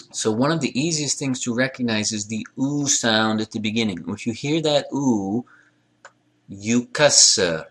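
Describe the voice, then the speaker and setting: A man with a fairly low voice gives a language lecture. He drills pronunciation out loud, word by word, and mixes in dry jokes. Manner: wry asides, drills pronunciation aloud. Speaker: Arabic teacher. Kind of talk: recorded classroom lecture.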